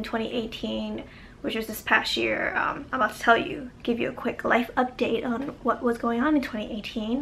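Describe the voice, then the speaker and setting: A woman's voice: on the high side, gravelly, slight background noise. A young woman vlogging a casual life update, a bit short of breath and chatty, with lots of fillers.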